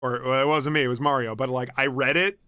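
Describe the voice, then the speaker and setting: A young man with a bright, forceful voice talks loosely on a home stream, rambling from one thought to the next. He laughs a lot and swears without a second thought. The sound is dry and close, with no room around it. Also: medium pitch, steady tone, fast, smooth, no room sound. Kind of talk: casual chat.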